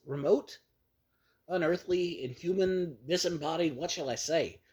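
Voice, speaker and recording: A man narrating a horror story in a grave, measured storytelling manner. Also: a little high, darkish tone, breathy edge. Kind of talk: dramatic reading of a horror story.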